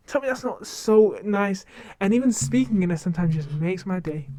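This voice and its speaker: Fast, rambly young woman streamer. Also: medium pitch, animated, mellow. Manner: rambling, fast and talkative with many fillers. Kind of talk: casual live-stream chat. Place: home streaming setup.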